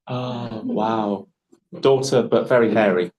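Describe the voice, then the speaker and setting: A man's voice: lowish voice, steady tone, slow pace, a crowd in the background, rough recording. A man with an English accent hosts a public speaking workshop in a chatty, jokey storytelling way. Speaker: workshop host. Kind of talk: casual workshop hosting.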